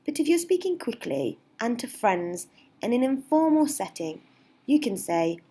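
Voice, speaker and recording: A woman's voice: on the high side, big pitch swings, normal speed, dark tone, husky. A woman teaching basic phrases, speaking patiently and repeating each example phrase with a lifted, sing-song stress. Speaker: English teacher. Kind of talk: slow, clear English lesson.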